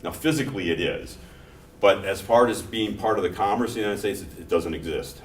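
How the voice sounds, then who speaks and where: Deep-voiced middle-aged man lecturing a class. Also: fairly quick. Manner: conversational, telling anecdotes between explanations. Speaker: instructor. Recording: echoey classroom from far off, faint noise.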